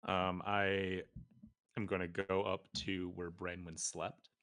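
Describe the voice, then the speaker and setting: A man taking part as a player in a tabletop game, casually describing his character's actions in a halting way. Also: deep voice, level tone, a bit bright. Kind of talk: tabletop role-play chat.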